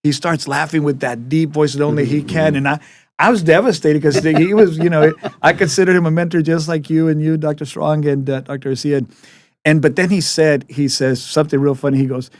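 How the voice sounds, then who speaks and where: A man hosting an interview show, telling stories in an animated, halting way. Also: on the high side. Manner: animated storyteller, many restarts. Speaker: podcast host. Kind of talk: conversational interview.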